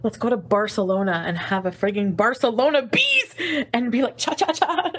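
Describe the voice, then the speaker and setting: A woman's voice: mid-range voice, lively intonation, moderate pace, fairly bright tone, breathy edge. A woman chatting casually on a livestream, rambling from topic to topic and laughing often.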